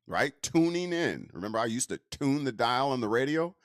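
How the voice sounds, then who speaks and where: Very animated, a man delivers a casual lecture full of rhetorical questions to the listener. He talks in a slow, drawn-out manner with wide pitch swings, and the recording is dry, clean studio sound.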